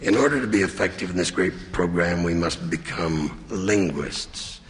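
A man giving an earnest, measured sermon as a church leader. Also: low voice, a little hiss or hum. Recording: long reverb of a large hall.

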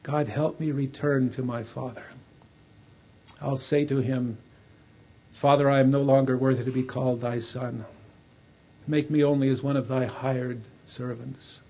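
Brief: man doing a broken young runaway son, husky and slow, begging to be taken back. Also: medium pitch, fairly even intonation, warm tone. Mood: pleading. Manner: pleading, pained.

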